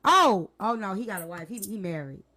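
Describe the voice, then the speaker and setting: A woman's voice: mid-range voice, expressive, fairly quick, a crowd in the background. A woman hosting a casual chat, slangy and profane, laughing nervously as she talks. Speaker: podcast host.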